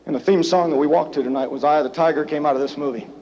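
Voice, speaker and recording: High-voiced man preaching at a rally. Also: very fast, hardly any pauses. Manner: preaching, repetitive, punchy, builds to shouts. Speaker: motivational business speaker. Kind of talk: motivational rally speech with storytelling. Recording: dull lo-fi live tape, faint noise.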